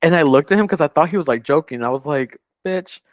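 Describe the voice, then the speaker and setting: A man's voice: fairly high pitch, lively intonation, quick pace, dry recording. A man co-hosting a podcast, telling a long story in casual chat, full of "like" and quoted dialogue. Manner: rambling, heavy on "like", quoting others. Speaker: podcast co-host.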